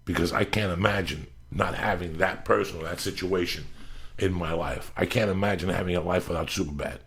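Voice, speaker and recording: Gravelly fifty-year-old man ranting loudly. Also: deep voice, steady tone, a little fast. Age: 50s. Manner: loud, swearing, swings into shouting bursts. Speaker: podcast host. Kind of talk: loose profane podcast rant.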